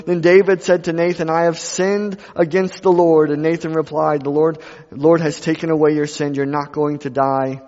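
A male pastor preaching a sermon, moving from quiet passages to loud ones and repeating phrases for emphasis. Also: fairly high pitch, level tone, normal speed. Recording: dull sound with long reverb in a hall.

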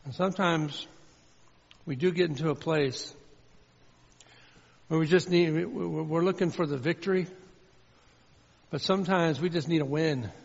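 A man's voice: a little high, normal speed, gravelly, long pauses. A man preaching a sermon as pastor, fervent and repetitive, often voicing prayers aloud. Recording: dull, reverberant hall sound.

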